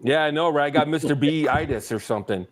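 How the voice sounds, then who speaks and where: A man's voice: a little high, fairly quick. Wisecracking man on a video call. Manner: wisecracking interjections. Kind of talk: casual group video chat.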